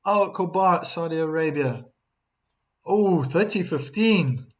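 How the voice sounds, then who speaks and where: High-voiced chatty male tennis streamer. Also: expressive, slow. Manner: chatty, reads viewer comments between points. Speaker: live stream tennis commentator. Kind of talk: live streaming commentary.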